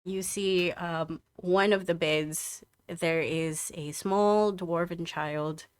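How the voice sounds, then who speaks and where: Low-voiced woman game master. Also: steady tone, slow pace, clean tone. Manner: casual, stammering restarts. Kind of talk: narrating a tabletop game.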